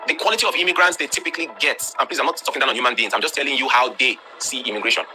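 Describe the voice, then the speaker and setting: A Nigerian man delivers a blunt, forceful lecture to an online class, pressing his points with rhetorical questions. His voice is bright and sharp, and he talks at a brisk clip. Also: mid-range voice, soft background music. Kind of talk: live-streamed talk to students.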